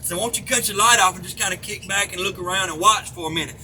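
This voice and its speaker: A man's voice: high-pitched, fast talker, bright, forceful tone, faint music behind. A middle-aged man, ranting angrily and profanely to the camera. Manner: heated, profane, repetitive. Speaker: vlogger. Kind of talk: angry rant to camera. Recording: faint background noise.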